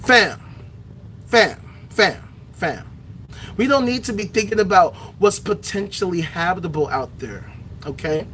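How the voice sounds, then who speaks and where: A loud man rants to his audience, furious and profane, often breaking into shouts. His voice sits high and rings bright and cutting. He never lets the anger drop. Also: expressive, unhurried, pauses often, a little hiss or hum. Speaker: online show host. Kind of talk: profane impassioned rant.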